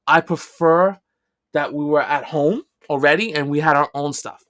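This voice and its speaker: A man with a New York accent, co-hosting a casual podcast chat and telling lively stories with quick, playful denials. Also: fairly high pitch. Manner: animated storyteller, quick to deny, interrupts with short replies. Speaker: podcast co-host.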